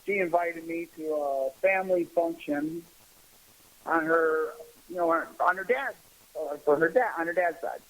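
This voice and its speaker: High-voiced man telling family stories. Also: measured pace, low-quality recording. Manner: animated, laughs while telling stories. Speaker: radio show guest. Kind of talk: casual storytelling chat.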